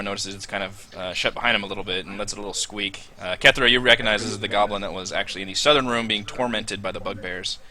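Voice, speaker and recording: A man narrating as dungeon master for a tabletop game, halting and full of fillers. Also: lowish voice, pushed and bright.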